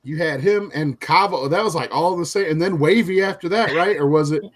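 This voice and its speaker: Excitable man on a podcast. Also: on the high side, fairly quick. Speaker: podcast host. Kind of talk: casual podcast chat.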